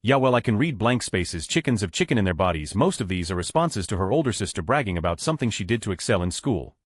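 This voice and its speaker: A man narrates a run of short online stories in scripted style, speaking quickly with a lot of rise and fall. His voice sits a little low. The sound is dry, with no room around it. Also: big pitch swings, dry recording. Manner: reads each numbered story straight through, quoting children's lines in his own voice. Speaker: narrator of a story channel.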